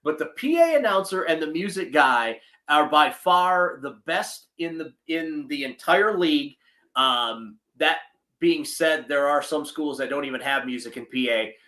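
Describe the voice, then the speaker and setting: A man's voice: fairly high pitch, lively intonation, a little slow, pushed and bright. A middle-aged man, co-hosting a casual chat show and rambling with frequent restarts. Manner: rambling, self-correcting, folksy. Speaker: podcast co-host.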